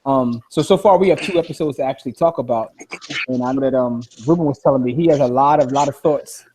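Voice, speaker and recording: A man hosting a casual podcast panel in a relaxed, laid-back way. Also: medium pitch, quick pace, husky, poor audio. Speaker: podcast host.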